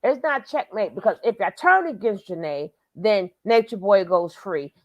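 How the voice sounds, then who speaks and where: An older woman hosting her own channel, chatting casually with loud, animated bursts. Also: medium pitch, moderate pace, no room sound, lo-fi sound. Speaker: channel host. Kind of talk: casual commentary chat.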